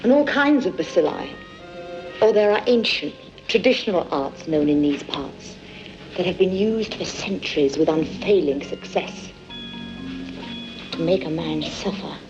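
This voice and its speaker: Sumuru, a cold villainess. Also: female voice, low voice, animated, unhurried. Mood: menacing. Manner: silky, menacing, commanding. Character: cold, cruel villainess woman who commands followers. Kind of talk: 1960s adventure film acting. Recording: dull lo-fi film soundtrack with music.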